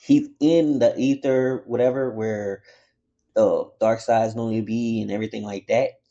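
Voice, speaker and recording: A man giving a casual, rambling comic book review, excitable and swearing freely. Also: medium pitch, a little slow, dull audio.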